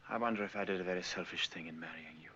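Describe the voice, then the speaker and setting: An actor playing a brooding, weary aristocratic husband who speaks in a clipped, curt way, in 1940s film acting. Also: male voice, sits low, very fast, sharp tone, slightly rough, exaggerated voice. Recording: muffled old film soundtrack.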